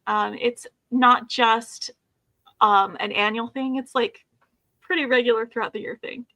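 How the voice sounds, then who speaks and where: A woman's voice: a little high, steady tone, measured pace, pushed and bright, no echo. A woman co-hosting a crafting livestream, welcoming viewers in upbeat, casual chat and thinking aloud with fillers. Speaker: co-host of a beading livestream.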